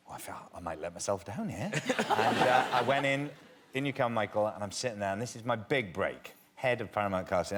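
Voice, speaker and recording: A middle-aged man, a chat show guest, telling an animated story that rises loudly at the climax. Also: fairly low pitch, a little hiss or hum. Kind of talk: studio chat show anecdote.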